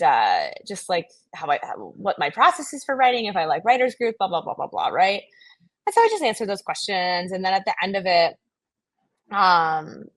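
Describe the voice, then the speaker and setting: A young woman from New Jersey, a playwright, telling a story in an interview in a chatty, animated way. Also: medium pitch, no echo. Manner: animated, chatty, many fillers and laughs. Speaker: playwright guest.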